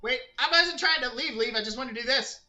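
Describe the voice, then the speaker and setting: Man, gaming streamer, very bright voice, rambling casual chat, game music behind. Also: extremely high pitch, a little fast. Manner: rambling, chatty, talks to chat and to himself. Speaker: streamer playing a video game.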